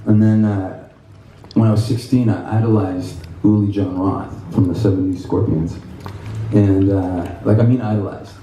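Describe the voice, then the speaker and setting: Man, lowish mellow voice, animated storytelling, guitar clinic, echoey room, distant mic. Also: moderate pace, slight background noise. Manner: animated anecdotes with laughs and quoted voices. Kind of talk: casual storytelling to an audience. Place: music store clinic in front of an audience.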